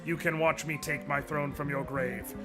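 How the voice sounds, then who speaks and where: A cruel, boastful villain knight from a video game, put on by a male streamer. He gloats in a theatrical, slightly high voice. Music plays in the background. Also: fairly even intonation, moderate pace, lightly acted. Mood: menacing. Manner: theatrical, gloating, swings to shouting rage. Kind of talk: dramatic reading of game dialogue. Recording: music behind the voice.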